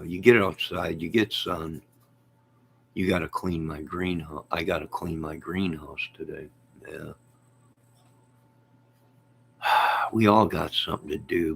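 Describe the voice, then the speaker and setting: Gravelly deep-voiced man chatting casually. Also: a bit bright, a little hiss or hum. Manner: rambling, laughs often. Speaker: live stream host. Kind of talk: casual live chat reading viewer comments. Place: at home.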